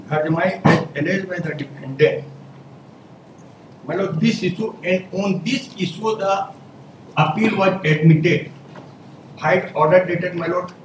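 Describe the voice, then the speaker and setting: A male advocate, arguing an appeal formally in a courtroom and repeatedly saying "my lord". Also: a little high. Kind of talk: courtroom argument. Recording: echoey courtroom audio from far off with noise.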